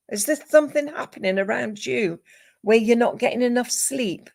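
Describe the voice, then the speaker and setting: A woman giving a live psychic reading, calm and measured, listing names and images one at a time. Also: on the high side, creaky. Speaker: psychic medium.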